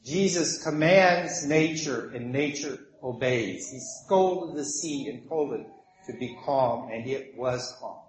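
A man's voice: medium pitch, slow, a little hiss or hum. A man preaching a sermon, telling a story vividly and acting out its voices. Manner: animated storytelling with acted voices. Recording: echoey room.

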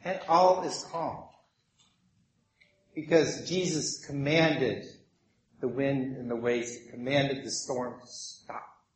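A man with a mid-range voice preaches a sermon slowly, telling a story vividly and acting out its voices in animated fashion. The room is echoey, with slight background noise.

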